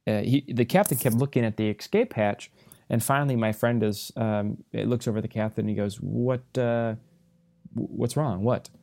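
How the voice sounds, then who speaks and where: A man's voice: on the low side, a little fast, darkish tone, no room sound. A man hosting a casual podcast who tells pilot anecdotes in a rambling, good-humored way, with frequent restarts. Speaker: podcast host, airline pilot instructor. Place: hotel room.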